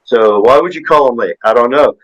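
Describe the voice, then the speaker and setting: A man's voice: mid-range voice, fairly quick, a bit bright, poor audio. A man in his sixties, a podcast guest, telling a story in a rambling, folksy way with lots of tag questions. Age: 60s. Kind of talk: casual storytelling chat.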